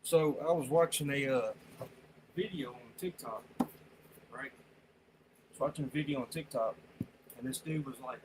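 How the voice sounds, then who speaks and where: A man's voice: mid-range voice, a little slow, pauses often. A man livestreaming, rambling and swearing in casual chat. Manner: rambling, profane, drawling Southern-style talk. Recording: noisy room sound.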